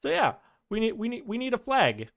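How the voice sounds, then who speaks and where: A man's voice: extremely high pitch, wildly swooping pitch, brisk, vocal fry, fairly bright tone, a little hiss or hum. A man chatting casually on a live stream, loose and jokey, talking to his chat. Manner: loose, fillers and restarts, jokey, talks to chat.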